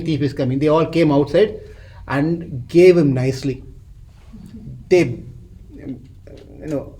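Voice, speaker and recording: A man teaching a scripture class, chanting verses slowly and then explaining them as a story. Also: on the high side, dark tone.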